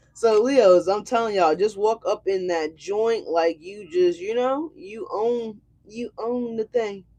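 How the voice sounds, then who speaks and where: A woman's voice: medium pitch, slow, dark tone. Brash, chatty woman reading tarot. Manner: chatty, brash and profane, addresses viewers directly. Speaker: tarot reader.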